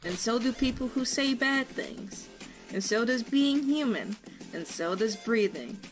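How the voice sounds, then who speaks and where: A woman's voice: fairly high pitch, animated, measured pace. A woman narrating a commentary video in a sarcastic, dry way. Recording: video narration over faint music.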